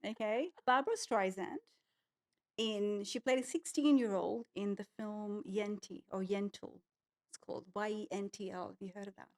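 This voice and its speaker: A woman's voice: medium pitch, a little slow. A woman hosting a casual interview, quizzing her guest with upbeat, leading questions. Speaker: host.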